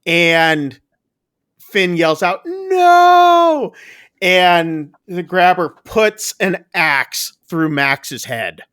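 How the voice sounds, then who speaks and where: A man's voice: fairly high pitch, very slow, sharp tone, smooth. A man co-hosting a casual movie review, retelling the plot loosely with many fillers. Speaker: podcast co-host.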